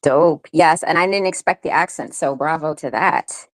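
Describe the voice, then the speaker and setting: Woman, American accent, host, casual live chat, animated, chatty, slightly low voice. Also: normal speed. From United States. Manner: animated and chatty, laughs often.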